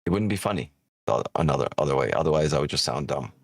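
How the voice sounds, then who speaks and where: A man's voice: very deep voice, animated, quick pace, vocal fry, no echo, clean studio sound. A man hosting a live trading stream, joking and teasing viewers in casual, profane banter. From New York.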